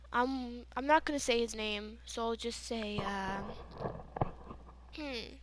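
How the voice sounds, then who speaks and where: A woman's voice: a little high, no room sound. A teenage girl telling a rambling, giggly story in a casual chat, full of "like" and "you know.". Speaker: gaming channel host.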